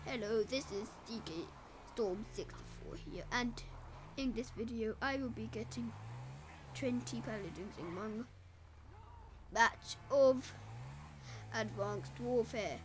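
A woman putting on a deliberately bored, flat YouTuber intro voice. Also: slight background noise. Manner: flat, deadpan, low and quiet.

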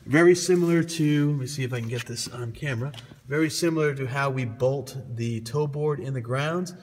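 A man's voice: mid-range voice, a little fast, a little mellow. Man with a Boston accent in an echoey gym. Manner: loose, self-correcting, pointing things out on camera. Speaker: throws coach. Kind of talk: casual how-to walkthrough. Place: indoor gym throwing area. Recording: echoey gym with long reverb.

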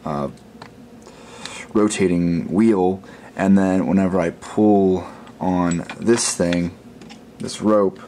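A man building a gadget in his workshop, thinking out loud in a rambling, self-mocking way as he works. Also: deep voice, steady tone, slow, pauses often, slight background noise. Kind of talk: casual workshop vlog narration.

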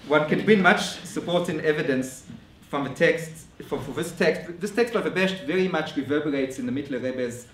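A man giving a scholarly conference lecture in a measured way, often restarting his phrases. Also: on the high side, a bit bright, a little hiss or hum. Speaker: academic lecturer. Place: lecture room. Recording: roomy echo from a distant mic.

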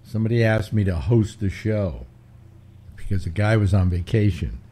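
A man's voice: fairly low pitch, normal speed, dark tone, breathy edge. An older man hosting a casual chat, rambling through stories with many restarts. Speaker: host.

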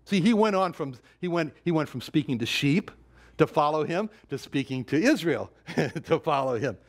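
A man's voice: on the high side, expressive, normal speed. A man preaching a sermon, emphatic, repeating words and quoting scripture in older English.

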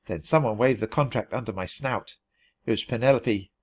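A man reading a children's storybook aloud at natural speed for language learners, clear and expressive. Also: medium pitch, moderate pace. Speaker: storybook reader.

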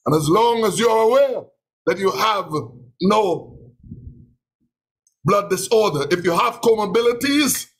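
A man's voice: high-pitched, lively intonation, a little slow, long pauses, poor audio. A man with a Trinidadian accent preaching a sermon, impassioned and emotional, with many repeated exclamations of praise. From Trinidad and Tobago.

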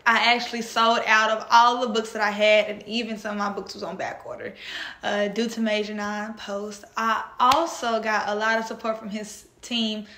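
Young woman, from Texas, bright voice, slightly high, casual storytelling, echoey room. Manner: animated, acts out quoted voices. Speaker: vlog host and author.

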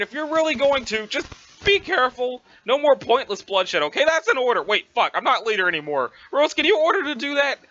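A man voicing a furious, foul-mouthed young male troll who yells and swears constantly in a dramatic webcomic reading. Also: high-pitched, dull audio, full character voice. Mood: bossy.

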